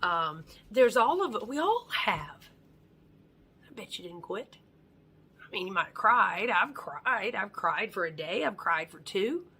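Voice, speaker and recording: A woman's voice: medium pitch, big pitch swings, measured pace, bright, forceful tone, breathy edge. A woman giving an earnest motivational monologue, often dropping her voice to a near-whisper. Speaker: motivational speaker.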